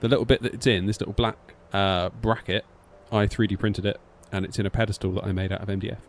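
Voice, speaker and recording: A man's voice: fairly low pitch, quick pace, slight background noise. A man in his thirties with a British accent, telling stories in a casual live-stream chat and acting out the voices in them. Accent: British English. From United Kingdom. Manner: rambling storyteller, animated, acts out quotes. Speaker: flight sim streamer.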